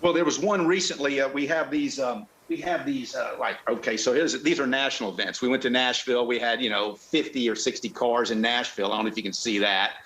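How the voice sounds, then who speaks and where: Man, middle-aged, from the American South, halting casual chat, many restarts. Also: mid-range voice, steady tone, fairly bright tone, slight background noise. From southern United States. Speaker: car club member guest.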